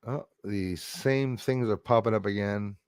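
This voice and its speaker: A man's voice: lowish voice, unhurried, darkish tone, smooth, no room sound, clean studio sound. A man hosting a casual livestream, chatting loosely and reading out viewer comments with frequent laughs and fillers. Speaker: livestream host.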